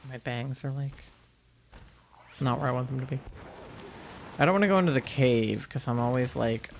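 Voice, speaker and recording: Young male streamer, headset mic, gravelly and rambling, relaxed chat filler. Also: medium pitch, moderate pace, noisy background. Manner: chatty, rambling, many fillers. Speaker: livestreamer. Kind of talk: casual chat while gaming.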